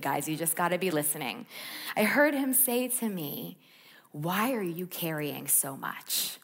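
A woman preaching at a camp, switching between chatty, animated storytelling and quiet, earnest reflection. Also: mid-range voice. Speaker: camp speaker. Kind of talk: sermon.

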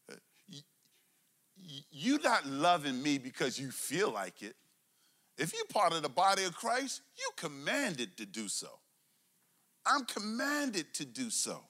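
A middle-aged man from Brooklyn, preaching a sermon with call-and-response, swinging between loud emphasis and low asides. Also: sing-song, unhurried. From Brooklyn, New York. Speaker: pastor.

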